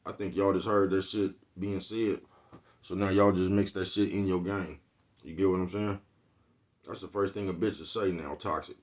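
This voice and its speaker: Brief: deep-voiced male streamer, slangy and casual, constantly checks in with his viewers. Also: steady tone, moderate pace. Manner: streetwise slang, keeps asking "you know what I'm talking about". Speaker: livestream vlogger. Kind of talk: casual livestream rant.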